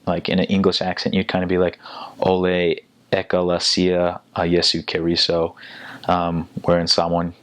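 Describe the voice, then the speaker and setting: A young American man, a returned missionary, telling a story casually in a relaxed, halting way, full of fillers and restarts. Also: low-pitched, no room sound. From United States.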